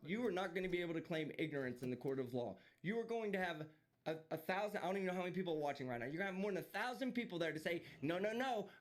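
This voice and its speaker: A man's voice: high-pitched, a bit bright. A man streaming live, delivering a heated, profane and mocking rant. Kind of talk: ranting live stream commentary.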